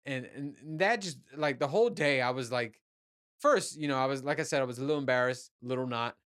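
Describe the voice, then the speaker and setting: A podcast host rants casually on his solo show, his medium-pitched voice brisk, slightly bright, clear and resonant. He rambles and swears freely, restarting sentences often and dropping plenty of "you know"s.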